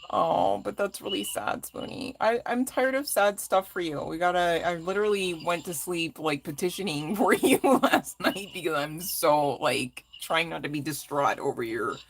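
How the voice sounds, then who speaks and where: A woman's voice: fairly low pitch, expressive, moderate pace, creaky, few pauses, slight background noise. A woman tarot reader chatting casually on a live stream, affectionate with viewers and laughing often as she talks. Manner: laughs often mid-sentence.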